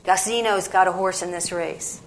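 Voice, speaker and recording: A woman reading as a sharp, suspicious young woman. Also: lowish voice, fairly even intonation, moderate pace, slight background noise, lightly acted.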